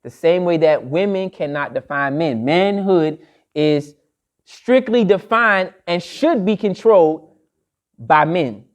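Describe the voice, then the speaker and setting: A man's voice: fairly high pitch, expressive, slow. A man lecturing to a live audience, emphatic and repeating his key phrases like a refrain. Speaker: speaker addressing an audience.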